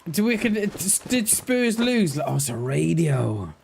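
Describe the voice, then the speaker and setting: Slow-talking gaming streamer. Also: male voice, on the high side, big pitch swings, vocal fry, a little hiss or hum. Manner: chatty, greets viewers by name, thinks aloud. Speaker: streamer playing a survival game. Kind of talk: casual live-stream chat.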